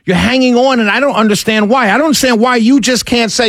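Talking fast with barely any pauses, this man's voice sits high and has a fairly bright tone. He's a political commentator ranting at his audience in exasperated disbelief, frequently stammering and laughing, captured in a dry, studio-quality recording.

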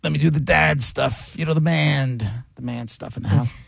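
A man's voice: a little high, moderate pace, vocal fry, slightly rough, no echo. A man co-hosting a radio show from a studio, telling stories in a joking, playfully boastful way. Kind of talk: casual studio banter.

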